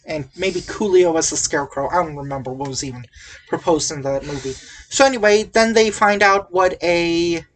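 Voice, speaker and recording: A woman's voice: fairly low pitch, normal speed, a little hiss or hum. A woman hosting a casual podcast, recapping a movie in a rambling, jokey way full of tangents and asides. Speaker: podcast host reviewing a movie. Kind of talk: casual chat.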